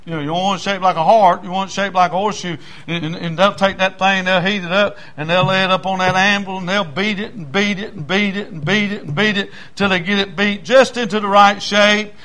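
Folksy preacher with a high, bright voice. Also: male voice, steady tone, brisk, hardly any pauses. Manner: folksy, storytelling, acts out voices in anecdotes. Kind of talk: sermon.

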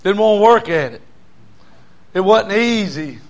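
Folksy preacher man, fairly high voice. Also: expressive, measured pace. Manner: emphatic, repetitive cadence, folksy humor. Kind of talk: sermon. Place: church before a congregation.

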